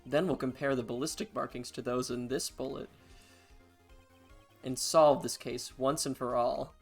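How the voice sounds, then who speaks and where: A man voicing an earnest young male defense attorney from a video game, reading in a measured tone. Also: mid-range voice, fairly even intonation, gravelly, breathy edge, soft background music. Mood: firm.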